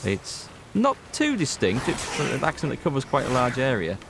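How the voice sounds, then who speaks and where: This man's medium-pitched, creaky voice swoops wildly in pitch at a normal speed, in a North Yorkshire English accent, against background noise. A let's play gamer from North Yorkshire, England, he rambles casually to his viewers in gameplay commentary.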